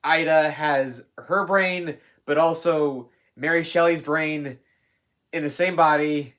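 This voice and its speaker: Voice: medium pitch, fairly even intonation, slow, a bit bright. A film reviewer talking casually and unscripted, rambling with many restarts and free swearing. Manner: rambling, lots of fillers and restarts, swears freely.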